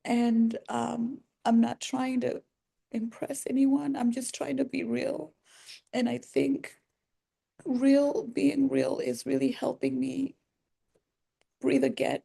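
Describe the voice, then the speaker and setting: Slow, gravelly, soft-spoken woman. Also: high-pitched, little pitch movement. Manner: halting, pausing and restarting, soft-spoken and earnest. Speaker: vlogger. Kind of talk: personal reflective vlog.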